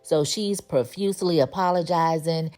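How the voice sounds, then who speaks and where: A woman's voice: low-pitched, normal speed, darkish tone. A woman giving a casual spoken recap of a TV episode, telling the story in a chatty way with sassy asides. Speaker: TV show recap reviewer.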